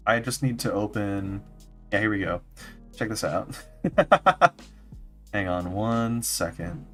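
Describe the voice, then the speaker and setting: A man's voice: fairly low pitch, lively intonation, slow pace, long pauses, bright, forceful tone, soft background music. A man streaming as a vtuber, chatting casually and playfully with his viewers and laughing often. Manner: giggly, playful, reacting to chat. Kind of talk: casual livestream chat.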